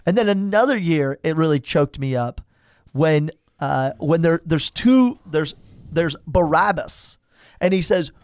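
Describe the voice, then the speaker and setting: A male priest with a fairly high voice chats with a fellow priest, telling stories with lively feeling and breaking into quick laughs. His voice is recorded dry, with almost no room sound. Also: no room sound. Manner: animated storyteller, quick to laugh. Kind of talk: casual conversation about church liturgy.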